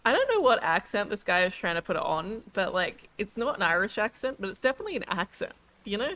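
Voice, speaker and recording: A woman's voice: medium pitch, big pitch swings, quick pace, sharp tone. A woman streaming a game, giving casual, giggly commentary. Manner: giggly, chatty.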